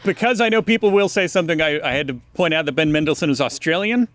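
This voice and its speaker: A man's voice: on the high side, lively intonation, fast, fairly bright tone. A man in casual comedic film chat, dry and hesitant, with lots of ums before his points. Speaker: podcast guest commentator.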